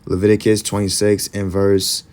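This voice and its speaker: A man's voice: fairly low pitch, monotone, moderate pace, darkish tone, clear, resonant tone. A man preaching, reading scripture verses aloud and following each with short, emphatic comments.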